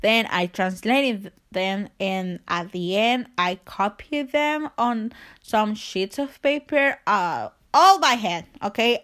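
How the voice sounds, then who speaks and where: A woman's voice: mid-range voice, fairly bright tone, smooth. A young woman with a non-native English accent hosting her own podcast, chatting casually and reading from her phone in a self-conscious, laughing way. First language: not English. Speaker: podcast host.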